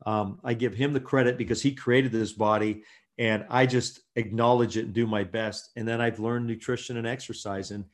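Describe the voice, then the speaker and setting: A man's voice: mid-range voice, fairly even intonation, moderate pace. A middle-aged man, a chiropractor, telling stories animatedly in a casual interview and laughing often. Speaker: chiropractor guest.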